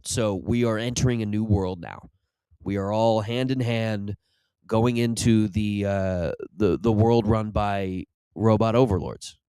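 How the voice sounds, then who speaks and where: A man with a lowish voice talks through a rambling, self-interrupting comic monologue. The sound is dry and close, with no room around him. He now and then jumps into loud mock-ad bursts. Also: unhurried, clean tone, dry recording. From Irish family background. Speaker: comedian host. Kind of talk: casual comedic monologue.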